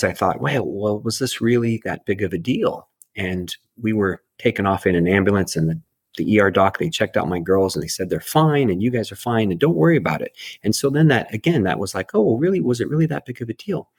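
A middle-aged man telling a personal story on a podcast in an earnest, halting way, often restarting his sentences. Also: low-pitched, husky, no echo. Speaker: podcast guest.

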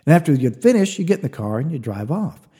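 A man's voice: on the high side, very animated, fast talker, mellow, slightly rough. A man hosting a podcast, telling a comic story in a chatty way, with confiding asides to the listener. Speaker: podcast host.

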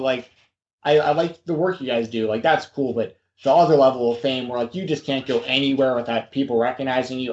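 A man's voice: medium pitch, darkish tone. A man from the United States hosting a podcast interview, laid-back and chatty, often calling the guest dude and man. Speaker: podcast host. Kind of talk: casual interview chat. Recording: roomy, dull lo-fi audio.

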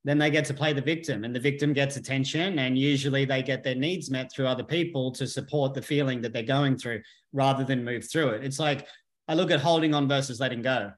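A man talking bluntly and emphatically in a casual conversation, swearing freely as a podcast guest. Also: mid-range voice.

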